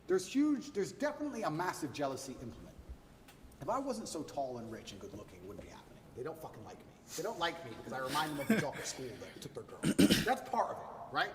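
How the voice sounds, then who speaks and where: A man's voice: fairly high pitch, wildly swooping pitch, fast, echoey room, long reverb tail, distant mic, crowd noise. A man giving an interview, boastful and emphatic, hammering his points in short repeated lists. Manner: emphatic, repetitive punchy lists. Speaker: interview guest.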